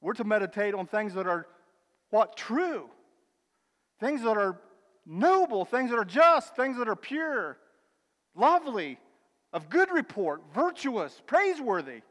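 A high-pitched man preaching in a church hall, his voice ringing with a long reverb. He swings between emphatic, swelling declarations and quiet, conversational asides, addressing the congregation as brother and sister. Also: sing-song, unhurried, long pauses. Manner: emphatic, builds to loud declarations then drops to quiet asides. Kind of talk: sermon.

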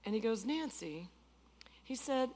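A woman in her sixties preaching a testimony, swinging from loud outbursts to hushed tones. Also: fairly high pitch, moderate pace. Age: 60s. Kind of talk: sermon testimony.

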